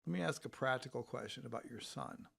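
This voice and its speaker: Male host, mid-pitched gravelly voice, halting questions. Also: a bit bright. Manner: halting, restarts his questions. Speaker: podcast host. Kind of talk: interview questions.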